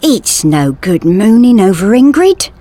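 Woman doing a blunt practical worker guy, husky, a bit fed up with his mate. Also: medium pitch, very animated, unhurried, mellow, pitched above the performer's own voice. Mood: exasperated. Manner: chummy, exasperated.

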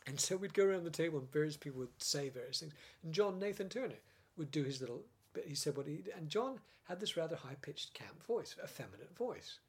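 An older man from Britain talks through his memories in a relaxed interview. His voice sits a little high for a man, with a gravelly, husky grain. He laughs often and breaks off to restart his sentences as he recounts the past. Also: brisk. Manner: animated storyteller, laughs often, many restarts. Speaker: interview guest, former script editor. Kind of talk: casual interview chat.

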